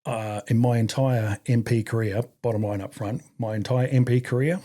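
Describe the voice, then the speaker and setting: A man's voice: mid-range voice, normal speed. A man with an Australian accent telling a long, profane army story in casual conversation, acting out the people he quotes. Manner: profane, animated, acts out quotes. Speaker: guest.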